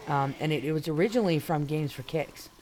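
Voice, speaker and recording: A woman's voice: deep voice, quick pace, darkish tone, a little hiss or hum. A woman streamer chatting casually with her viewers as she plays, rambling and greeting people by name. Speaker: game streamer. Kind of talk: casual live-stream chat while playing.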